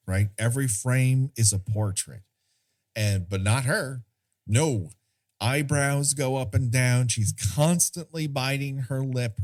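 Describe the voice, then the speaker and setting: A man's voice: mid-range voice, a little mellow. A man co-hosting a podcast, chatting casually about a film, rambling and searching for words. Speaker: podcast co-host.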